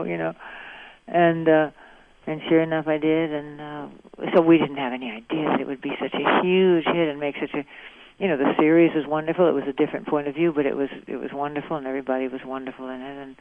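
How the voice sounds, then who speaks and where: A woman's voice: low-pitched, fairly even intonation, quick pace, dry recording. Older female actress guest, rambling anecdotal style, phone-quality audio. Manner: rambling storyteller with many you-knows. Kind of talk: anecdotal interview chat. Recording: dry tinny phone-like line.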